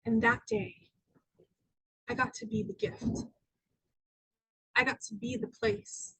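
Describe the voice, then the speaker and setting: A woman minister giving a spiritual talk to a congregation, telling personal stories and sometimes dropping to a soft near-whisper. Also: very high voice, big pitch swings, slow, creaky, long pauses, poor audio. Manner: storytelling, acting out quoted voices, dropping to soft near-whispers. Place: church sanctuary with audience.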